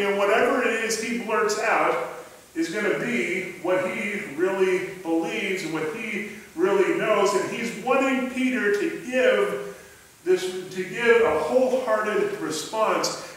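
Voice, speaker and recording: A male pastor with a high-pitched, slightly bright voice preaches conversationally, retelling scripture as a story in plain everyday words. It's recorded from a distant mic in an echoey church sanctuary.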